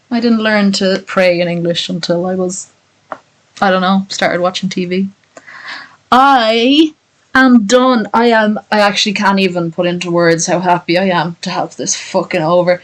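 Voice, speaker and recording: A woman's voice: mid-range voice, steady tone, normal speed, rough recording. A woman streamer chatting casually and profanely after a long reading, tired and with a sore voice. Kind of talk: casual chat.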